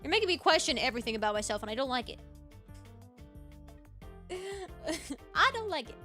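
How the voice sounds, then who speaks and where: A woman's voice: high voice, pushed and bright. An American woman with a Valley Girl accent, chatting casually on a live stream and giggling as she reads chat. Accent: Californian Valley Girl. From United States. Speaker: VTuber streamer.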